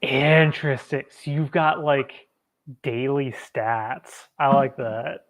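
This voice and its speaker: A co-host on a livestream talks in relaxed, slangy casual chat. The voice is easygoing and joking, with a middle pitch. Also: slow pace, noisy background. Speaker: stream co-host.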